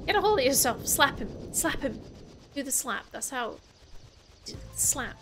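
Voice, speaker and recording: High-voiced woman playing a game. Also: animated, a little slow, noisy background. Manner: chatty, thinks aloud, swears playfully. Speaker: gaming YouTuber. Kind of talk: casual let's-play commentary. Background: game music.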